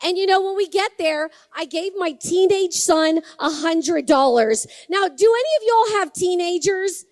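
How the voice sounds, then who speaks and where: A woman's voice: very high voice, measured pace, few pauses, darkish tone, no room sound. A woman, a congressional candidate giving a campaign speech and telling stories while talking directly to the crowd. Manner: conversational storytelling, addresses the crowd directly.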